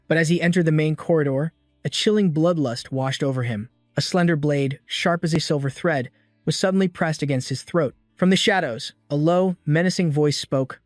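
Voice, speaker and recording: A man narrating a scripted story recap with a steady storytelling delivery. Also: fairly high pitch, normal speed, no room sound, studio quality, soft background music.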